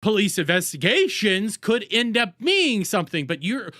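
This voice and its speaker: A man's voice: sits high, very animated, moderate pace, sharp tone, no room sound, clean studio sound. A man doing crude, sarcastic reaction commentary as a streamer, mocking the people he watches.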